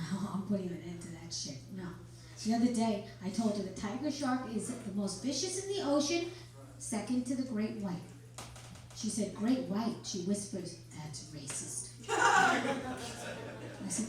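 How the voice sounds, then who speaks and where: A middle-aged woman performing a crude stand-up comedy set on a club stage, delivering brash deadpan punchlines to the crowd. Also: on the high side. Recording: roomy club sound from a distance with crowd. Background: audience laughter.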